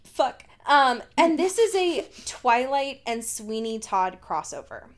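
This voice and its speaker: A woman's voice: a little high, very animated, takes it slowly. A woman co-hosting a podcast in casual chat, laughing often and swearing freely. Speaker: podcast co-host.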